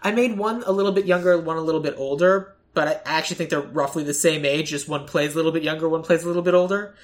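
Podcast host rambling about casting, mid pitch, lots of likes and fillers. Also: fast talker. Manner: rambling, many fillers, acts out quoted lines. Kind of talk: casual chat.

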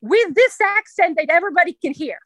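Serbian-accented woman, high lively voice, dry close sound, talks with lots of passion. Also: fairly quick, dry recording, rough recording. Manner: emphatic, passionate, animated. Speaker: guest. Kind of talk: radio interview.

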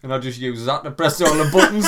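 A man's voice: on the high side, slight background noise. Young guy telling a story on a podcast, swears a lot, does little voices, keeps cracking up. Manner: animated, mimics voices, swears, laughs often. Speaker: podcast co-host. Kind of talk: casual storytelling chat.

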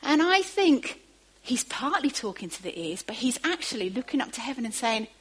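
A woman preaching a sermon, moving from quiet asides to emphatic, rising bursts. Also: a little high, sing-song, moderate pace, breathy edge, poor audio.

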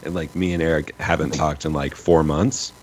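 A man's voice: extremely low pitch, steady tone, normal speed, background noise. A man co-hosting a casual podcast chat, spinning a long rambling comic story full of acted quotes.

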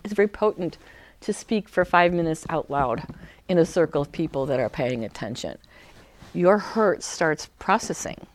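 A woman giving a conversational talk about emotional healing. She speaks with many fillers and restarts, and she sometimes acts out a crying child in a high shout. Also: lively intonation, normal speed. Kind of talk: talk to a small group.

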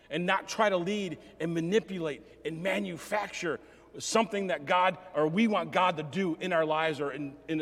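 High-voiced preaching man in an echoing hall. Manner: emotional, animated preaching with frequent restarts. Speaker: pastor. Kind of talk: sermon. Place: church hall. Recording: long hall reverb.

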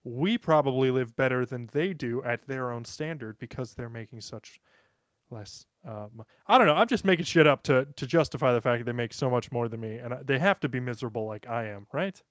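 A man's voice: mid-range voice, a little fast, no room sound. Male co-host, casual, self-deprecating rambler, dry recording. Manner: rambling, self-mocking joker. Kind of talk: casual chat.

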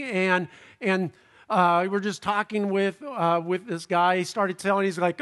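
Speaking in a high-pitched voice at a moderate pace, a middle-aged pastor from Southern California tells a lively personal story as his sermon and laughs softly at his own jokes.

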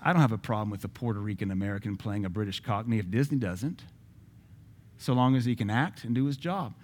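A man's voice: lowish voice, quick pace, a little mellow. A man giving opinionated social commentary from a Christian view, speaking emphatically with many repeated rhetorical questions.

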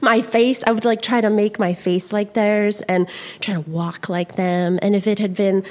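A woman's voice: medium pitch, fairly even intonation, moderate pace, a little mellow. A young woman from California, a guest in a casual conversation, rambling with many fillers and frequent giggles.

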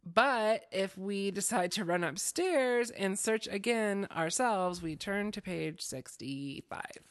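A man's voice: high-pitched, expressive, slow pace, a bit bright, no echo, clean studio sound. A man co-hosting a podcast, playfully reading out choices from a choose-your-own-adventure book and joking with his friend. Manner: playful, jokey, talks through choices. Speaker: podcast co-host playing a gamebook.

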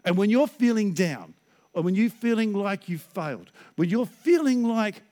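A middle-aged pastor delivering a sermon. His voice sits high and swoops through a wide, animated range. He slips into stammering, acted-out inner voices to make his point. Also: normal speed.

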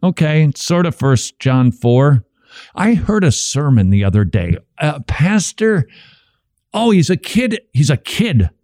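A man's voice: fairly high pitch, slow pace, no room sound. A middle-aged man hosting a casual commentary show, joking wryly about church signs and sermons. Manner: wry, joking, animated. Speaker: radio host.

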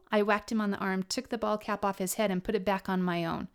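A woman narrating her memoir as an audiobook, in a reflective, steady storytelling manner. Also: medium pitch, a little fast, vocal fry, hardly any pauses, clean tone.

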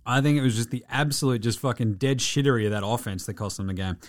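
A man's voice: medium pitch, quick pace, soft background music. Blunt Australian man talking sport. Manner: blunt, excitable, swears freely. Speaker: podcast host. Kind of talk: casual sports podcast chat.

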